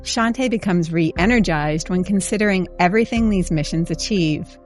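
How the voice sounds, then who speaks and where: Woman narrator, lowish voice, calm explaining, music under it. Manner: measured, explanatory. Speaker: podcast narrator. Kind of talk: scripted narration. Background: music bed.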